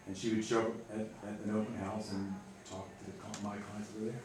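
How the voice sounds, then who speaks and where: A woman's voice: a bass voice, little pitch movement, quick pace, distant mic, background noise. A woman in the class recounting an experience from her work. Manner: telling a story from her work. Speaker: class participant. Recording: echoey room recorded from afar.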